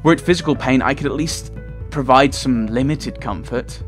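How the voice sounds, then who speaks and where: A man reading a visual novel aloud as a let's player, chatty and quick to laugh at his own slips. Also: medium pitch, faint music behind.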